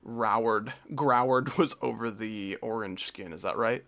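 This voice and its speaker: A man's voice: on the low side, a little slow, gravelly, fairly bright tone. A young man streaming, chatting casually and joking, his voice sometimes trailing off into mumbles. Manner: rambling, joking, drifts into mumbling. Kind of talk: casual live-stream chat.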